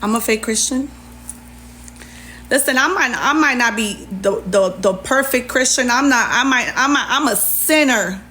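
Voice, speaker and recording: A woman's voice: on the high side, normal speed, pushed and bright, slight background noise. A woman ranting on a livestream, sassy and indignant as she reads out messages and answers back.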